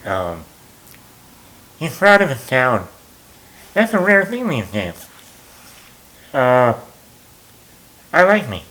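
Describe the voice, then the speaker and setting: Slow-talking man recapping a movie. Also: mid-range voice, sharp tone, poor audio. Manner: rambling, retells scenes with quoted lines and chuckles. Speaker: movie talk show host.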